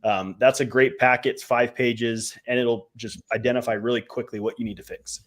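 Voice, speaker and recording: A man's voice: medium pitch, steady tone, normal speed. A young man co-hosting a live stream, giving casual coaching advice in a loose conversational way, full of fillers and trailing off at the ends of phrases. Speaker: co-host, real estate trainer.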